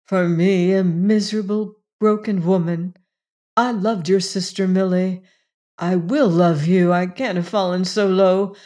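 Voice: medium pitch, a little mellow, lightly acted. A reader voicing a torn, anguished woman in an audiobook, pleading in a breathless, raised voice. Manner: pleading, breathless, often whispered. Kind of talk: audiobook reading.

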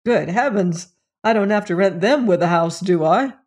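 A light-hearted young gentleman, played by an audiobook reader, tossing off dry quips with easy good humour. His lines come out a touch brighter and more lively than the narration around them. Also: mid-range voice, natural voice. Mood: breezy. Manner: frivolous, dry and quick-witted. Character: breezy, good-tempered young gentleman renter. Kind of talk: audiobook character reading.

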